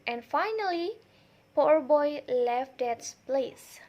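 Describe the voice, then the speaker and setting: A young woman student retelling a folk tale for a literature test, halting, with many restarts and repeated words. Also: high-pitched, expressive, darkish tone.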